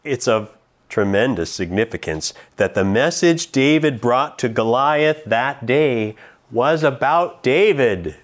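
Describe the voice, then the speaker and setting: A man preaching a sermon, reading scripture slowly and with emphasis, then explaining it to the congregation. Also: mid-range voice, lively intonation.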